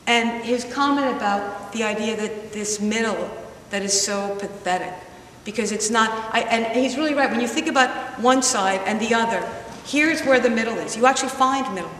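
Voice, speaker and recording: A middle-aged woman giving an emphatic public talk, telling a story and slowing down to stress her points. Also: on the high side, fairly bright tone. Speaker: guest speaker, former candidate. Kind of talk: public speech with anecdote. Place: large hall with an audience. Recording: echoey hall from far off, faint noise.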